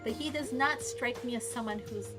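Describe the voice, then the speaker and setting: A young woman streaming a game, reading lines aloud and reacting excitably with laughter and shouts. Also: on the high side, moderate pace. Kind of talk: game playthrough commentary, reading dialogue aloud. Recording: game music behind voice.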